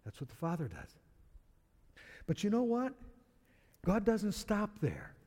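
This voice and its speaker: Lively preacher man in a reverberant hall. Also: high voice, unhurried. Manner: conversational, repeats words as he restarts. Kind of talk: sermon.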